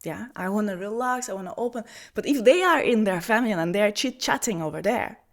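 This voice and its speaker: Expressive woman on a video call. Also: mid-range voice, quick pace. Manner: expressive, swings between soft breathy asides and bright emphatic bursts. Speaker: spiritual teacher. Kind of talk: personal storytelling talk on feminine energy.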